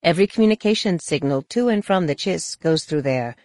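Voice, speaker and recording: Grave woman leader, low and measured, read by a woman narrator; dry audiobook. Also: lively intonation, a little mellow, no room sound. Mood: urgent.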